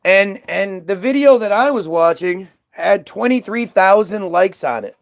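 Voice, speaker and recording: A man's voice: sits high, lively intonation, measured pace, vocal fry. A man talking casually to the camera outdoors in freezing weather, rambling, swearing and stammering as he repeats himself. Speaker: vlogger.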